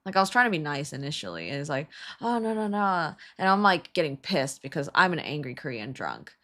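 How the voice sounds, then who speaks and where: Co-hosting a stream alongside her husband, this woman talks fast in a low voice. She spins a story casually, full of laughter, open swearing, animated energy and frequent filler words.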